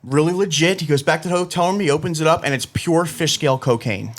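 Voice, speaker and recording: A man with a fairly high voice, telling a story in casual chat and swearing freely. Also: quick pace, background noise. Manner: animated, swears freely, acts out quotes. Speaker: podcast co-host.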